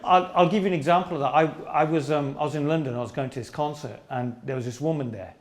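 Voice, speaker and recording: A man leading an informal spiritual discussion with an audience, teasing and telling stories in a playful way. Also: on the high side. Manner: playful, teasing, quick storytelling. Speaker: spiritual teacher in a group talk.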